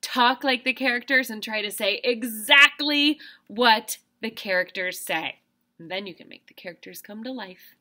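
A woman gives a reading lesson to young children in a bright, ringing voice. She sounds animated and enthusiastic, the way one talks to a kindergarten class. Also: a little high, normal speed. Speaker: kindergarten teacher.

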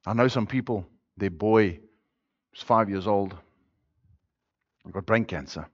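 A male pastor preaching a sermon, swinging between loud, emphatic declarations and quiet, intimate passages. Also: on the low side, slow, no room sound. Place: church. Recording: dull, dry lo-fi sermon recording.

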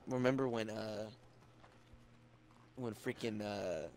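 A young man chatting casually while gaming with friends, an animated storyteller who laughs often. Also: lowish voice, slow pace, a little hiss or hum. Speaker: gamer.

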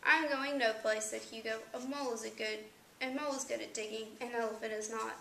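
Storybook read-aloud: a woman voicing a sore-footed, silly male elephant; high, a bit gravelly. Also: fairly even intonation, brisk, sharp tone, reverberant, a little hiss or hum. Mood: glum.

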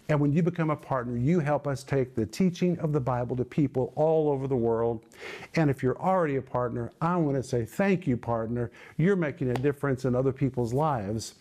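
A middle-aged man teaching the Bible on television, speaking earnestly and building to forceful exhortation. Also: on the high side. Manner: emphatic, rising to forceful exhortation.

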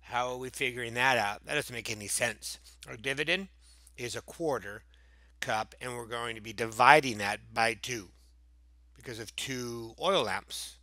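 A man's voice: mid-range voice, normal speed, sharp tone, no room sound. A man teaching a playful math review lesson, joking around between problems and slipping into silly voices. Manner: goofy, jokey, breaks into silly voices and asides.

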